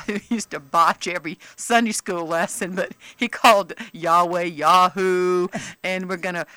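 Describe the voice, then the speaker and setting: Bright-voiced chatty woman comedian. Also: clean tone, dry recording. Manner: animated storyteller, jumps into high voices for quoted people. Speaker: comedian and author, interview guest. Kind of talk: casual interview chat.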